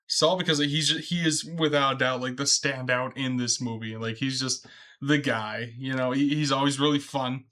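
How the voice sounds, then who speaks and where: A man's voice: medium pitch, fairly even intonation, moderate pace, pushed and bright. A young man in a casual podcast chat about a movie, laughing often as he retells scenes. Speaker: podcast co-host.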